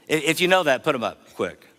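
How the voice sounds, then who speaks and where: A man's voice: a little high, sharp tone. A middle-aged man giving a motivational keynote speech in an earnest, rhetorical manner, drawing the audience in. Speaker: keynote speaker.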